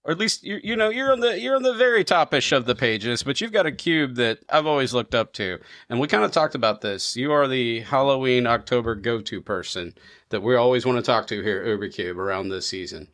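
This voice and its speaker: Podcast host guy, jokey, voice bounces all over the place. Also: a little fast. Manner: animated, jokey, pitch jumps when excited. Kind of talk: casual podcast chat.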